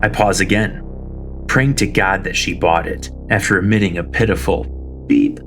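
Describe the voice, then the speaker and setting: A man narrating an audiobook chapter in a calm, detached manner. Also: deep voice, normal speed. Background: faint music.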